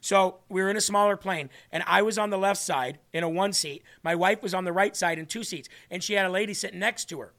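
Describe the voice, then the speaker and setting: A man hosting a live-streamed faith talk show, reading viewer comments and talking in an earnest, excitable way. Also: high-pitched, quick pace, hardly any pauses. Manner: earnest, excitable, restarts and laughs often. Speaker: host of an online faith show.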